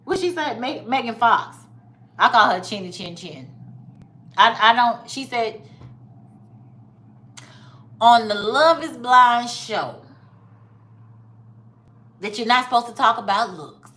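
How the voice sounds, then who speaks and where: A woman's voice: on the high side, animated, slow pace, pauses often, pushed and bright. Sassy, blunt woman gossiping. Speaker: vlogger. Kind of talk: casual commentary.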